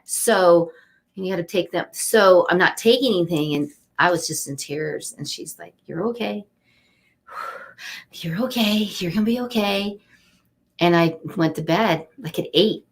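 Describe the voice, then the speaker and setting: Speaking straight to her viewers on a webcam live stream, a middle-aged woman gives an inspirational angel card reading. Her lowish voice runs at a normal speed, chatty and upbeat.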